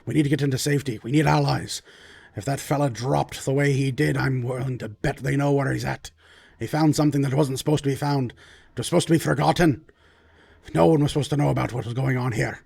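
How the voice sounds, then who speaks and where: A man's voice: mid-range voice, steady tone, quick pace, creaky, a little mellow, breathy edge, no echo. Grumbling, bossy nobleman for a tabletop game, played by a man. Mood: urgent, bitter. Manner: grumbling, snapping orders. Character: pompous impatient male lord on the run, rude. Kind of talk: tabletop role-play voice.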